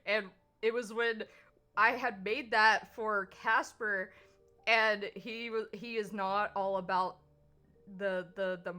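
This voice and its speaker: A woman's voice: medium pitch, fairly even intonation, slow, sharp tone. A woman streaming a visual novel, chatting casually with hesitant fillers and restarts. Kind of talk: casual gaming chat. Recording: faint background music.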